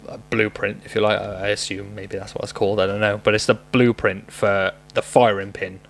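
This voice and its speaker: A man's voice: fairly low pitch, level tone, a little fast, vocal fry, slight background noise. A man with a Welsh accent, co-hosting a podcast and arguing his point in casual, sweary chat full of "like" fillers. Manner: swears freely, argues with lots of "like" fillers. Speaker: podcast co-host.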